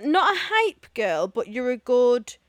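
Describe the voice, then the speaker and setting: Giggly high-voiced woman. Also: a little slow, no echo. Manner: chatty, giggly, animated storytelling. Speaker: podcast co-host. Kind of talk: casual chat.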